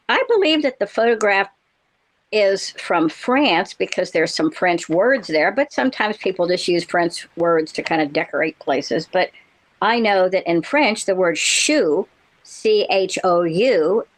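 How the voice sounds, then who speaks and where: A middle-aged woman, a therapist co-hosting a podcast, chatting playfully and explaining things at length. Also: mid-range voice. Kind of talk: casual chat.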